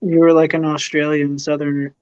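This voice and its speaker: A man's voice: on the high side, flat delivery, a little fast, darkish tone, clean tone, pitched above the performer's own voice, lightly acted. A man putting on a goofy southern hick voice, heard from farther off in muffled, noisy audio.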